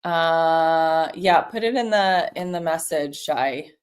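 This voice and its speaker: A woman from California with a Californian accent, a real estate broker chatting casually and upbeat while making cold calls. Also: deep voice. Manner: upbeat, chatty, quick bursts of excitement. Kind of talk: casual livestream chat while cold calling.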